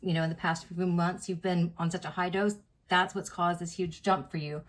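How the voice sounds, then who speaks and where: A woman's voice: fairly low pitch, fairly even intonation, moderate pace. A woman in her thirties, a vlogger, telling a personal story in a candid, chatty way full of fillers and reenacted dialogue.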